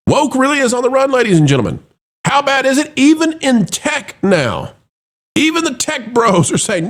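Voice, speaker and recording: A middle-aged man hosting an opinionated commentary show, talking in a sarcastic, mocking way. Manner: dramatic swings between high and low voice.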